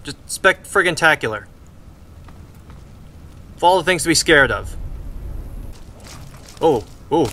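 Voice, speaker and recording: A young man commenting on a video game he is playing, excitable and swearing, often yelling at the game. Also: a little high, slow pace, long pauses, a little hiss or hum. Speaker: let's play gamer. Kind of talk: gameplay commentary. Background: game music.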